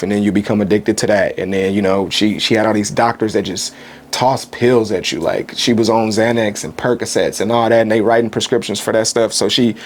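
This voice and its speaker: A man from Kansas City, a podcast guest, speaking candidly and softly with frequent halting restarts in a casual conversation. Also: on the low side. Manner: soft-spoken, candid, halting with many restarts. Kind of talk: casual chat, personal storytelling.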